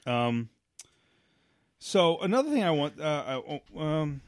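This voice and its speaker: Guy rambling through a story on a podcast, kinda high voice, dry close sound. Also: takes it slowly, no room sound. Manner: rambling, animated storyteller with frequent restarts. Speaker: podcast co-host. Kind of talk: casual storytelling chat.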